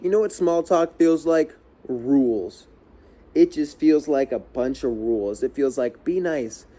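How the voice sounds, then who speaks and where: A young man vents in a loose, rambling rant, swearing freely and tripping over his own restarts. His voice sits a little high for a man, with a dark, mellow tone. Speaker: vlogger. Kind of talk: casual ranting monologue.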